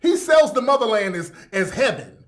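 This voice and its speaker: A man's voice: very high voice, sing-song, moderate pace. A man hosting a reaction video, giving profane, incredulous, mocking commentary and laughing as he talks.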